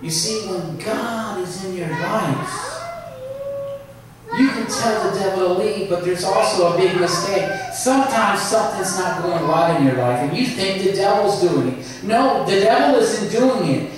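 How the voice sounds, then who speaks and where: A pastor preaching a sermon with emphasis, drawing out some phrases slowly. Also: male voice, sits high, very animated, background noise. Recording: echoey hall, mic far off.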